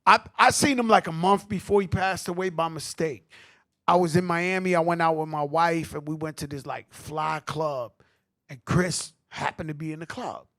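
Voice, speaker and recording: A middle-aged man with a New York accent, telling animated stories at a tribute panel, acting out quotes and swearing freely. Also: on the high side, moderate pace. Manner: animated street storytelling, acts out quotes, swears. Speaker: host.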